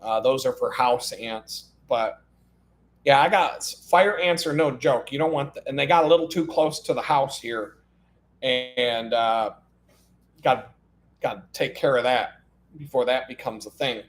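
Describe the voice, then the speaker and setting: A man telling stories on a live stream, animated and profane, breaking into laughs. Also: mid-range voice, a little slow. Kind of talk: casual storytelling on a live stream.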